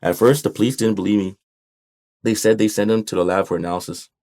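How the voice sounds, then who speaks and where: A man's voice: lowish voice, steady tone, quick pace, a little mellow. A man reading his own memoir aloud in a blunt, wry manner with occasional profanity. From United States. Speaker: author narrating his memoir. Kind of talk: audiobook memoir narration.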